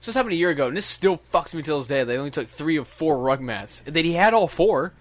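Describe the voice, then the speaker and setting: A man's voice: on the high side, lively intonation, fast talker. A young man chatting casually with friends, telling stories in a rambling, profane way. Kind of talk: casual chat among friends.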